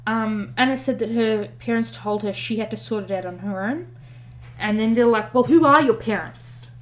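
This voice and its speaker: A woman's voice: mid-range voice, steady tone, normal speed. A woman co-hosting a podcast, retelling a story in casual chat with many fillers and self-corrections. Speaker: podcast co-host.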